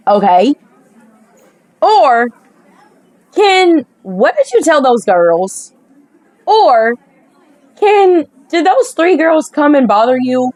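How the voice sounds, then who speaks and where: A woman's voice: high voice, big pitch swings, very slow, pauses often, darkish tone, no echo, poor audio. A young woman, a gaming creator, reads a dating sim aloud and reacts with sassy, joking commentary, often stumbling over her words. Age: young adult.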